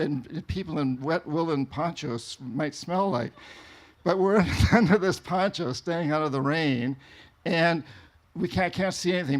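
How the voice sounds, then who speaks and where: A man from New England tells a vivid travel story to an audience, his voice sitting a little high. He laughs often and acts out the big moments as he talks. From New England, USA. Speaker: speaker telling a story to an audience. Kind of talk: storytelling talk.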